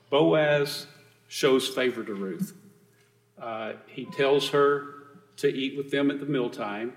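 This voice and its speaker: A man teaching a Bible study, reading scripture aloud and explaining it in a relaxed, conversational way, correcting himself as he goes. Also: medium pitch, in a large hall.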